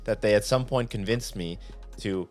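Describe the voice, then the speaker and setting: A young man co-hosting a podcast, telling stories in a relaxed, rambling way. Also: lowish voice, moderate pace, faint music behind. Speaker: podcast co-host. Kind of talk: casual storytelling chat.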